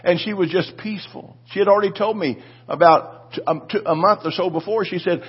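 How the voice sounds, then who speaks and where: A man's voice: high-pitched, lively intonation, moderate pace, husky, muffled recording. A man preaching a sermon, telling a personal story with fervent, repetitive delivery and calls for the congregation to respond. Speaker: pastor.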